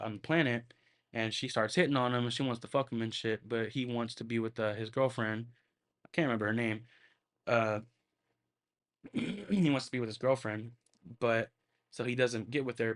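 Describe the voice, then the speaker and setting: A man's voice: mid-range voice, fairly bright tone. A man hosting his own podcast, giving a casual movie review in a rambling way with lots of filler words and free swearing. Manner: rambling, full of fillers and restarts, swears freely. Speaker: podcast host and film reviewer.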